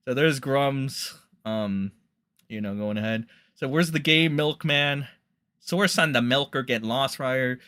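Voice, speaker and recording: Profane, mocking male streamer with a bright voice. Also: mid-range voice, slow pace, clear, resonant tone. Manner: profane, mocking, rising into loud rants. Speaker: streamer reading tweets. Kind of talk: casual ranting commentary.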